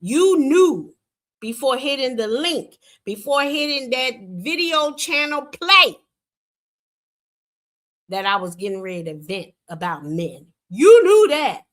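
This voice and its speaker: Slow, sassy woman hosting a livestream. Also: sits high, big pitch swings, sharp tone. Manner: sassy, dismissive, mocking. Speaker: livestream show host. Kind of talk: heated livestream debate.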